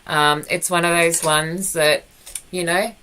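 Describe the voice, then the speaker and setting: A woman's voice: on the low side, steady tone, slow pace, pushed and bright, a little hiss or hum. A woman with an Australian accent chatting playfully between songs on a live stream from home, laughing often. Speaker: live-stream host and performer.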